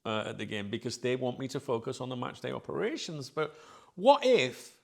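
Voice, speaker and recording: A man's voice: medium pitch, lively intonation, fairly quick, creaky. A man chatting casually to his viewers as channel host, rambling with many fillers and restarts.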